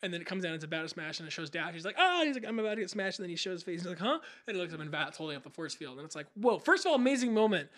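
A young male podcast co-host races through a casual chat with few pauses, his high, bright voice sing-song. He rambles eagerly and performs movie scenes as he goes.

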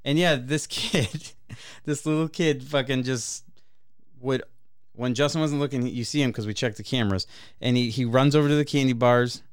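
A man with a smooth, clear voice at a middling pitch tells a long story on a casual podcast. He rambles, swears freely and keeps laughing through his own words. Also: steady tone, normal speed. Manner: rambling, profane, often laughing mid-story. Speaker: podcast co-host.

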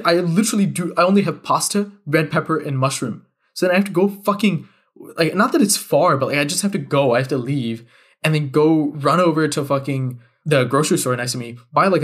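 Young male podcast host, casual solo storytelling, frustrated and expletive-heavy, with big upward pitch jumps. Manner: exasperated, swearing, voice jumps high when frustrated.

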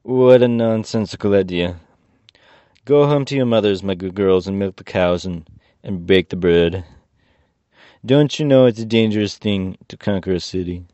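A man's voice: on the low side, moderate pace, warm tone, dry recording, lightly acted. Brief: man voicing a condescending storybook gatekeeper, fussy and scolding, dull dry sound. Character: fussy, surprised male gatekeeper guarding a city.

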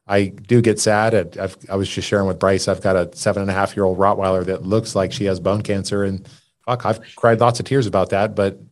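A man with a fairly low voice hosting a casual talk show. He is plain-spoken and encouraging, letting an occasional swear word slip. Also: fairly even intonation, a little fast. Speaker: podcast host. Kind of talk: casual conversation.

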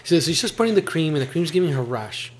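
A man hosting a casual chat at home, talking in an animated, rambling way with many restarts. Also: a little high, fast, slight background noise. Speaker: podcast host. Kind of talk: casual chat reviewing a TV series.

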